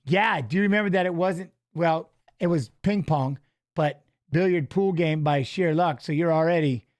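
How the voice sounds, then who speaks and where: High-voiced man in loose stream chat. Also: normal speed. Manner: loose and jokey, reads viewer comments aloud, swears casually. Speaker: co-host of a fight watch-along stream. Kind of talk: casual live-stream chat.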